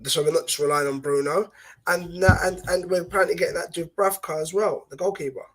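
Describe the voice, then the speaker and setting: A man appearing as a guest fan pundit on a football podcast, arguing passionately and rapidly in casual debate. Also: fairly high pitch, fairly bright tone.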